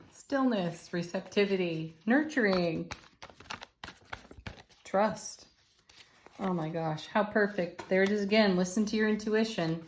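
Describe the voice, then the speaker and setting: A woman giving an intuitive tarot card reading to her viewers, soothing and encouraging, with soft laughs. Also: mid-range voice, slight background noise. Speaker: tarot reader.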